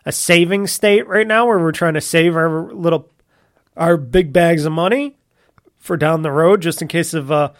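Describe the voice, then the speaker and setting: A man's voice: on the high side, moderate pace. A man hosting a solo podcast from his home office at a desk microphone, rambling casually with lots of fillers and restarts. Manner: rambling, talkative, self-interrupting with fillers. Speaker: podcast host.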